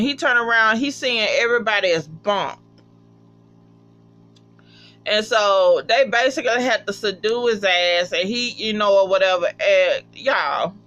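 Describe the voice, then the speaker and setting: A vlogger casually recapping a TV episode, profane and animated, acting out the characters' lines. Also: mid-range voice. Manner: profane, animated, acts out quotes. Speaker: TV episode reviewer.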